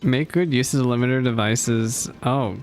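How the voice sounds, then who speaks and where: A man's voice: mid-range voice, normal speed, soft background music. A man casually commenting while he plays a game, chatty, joking and easily flustered. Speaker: streamer reacting to a game.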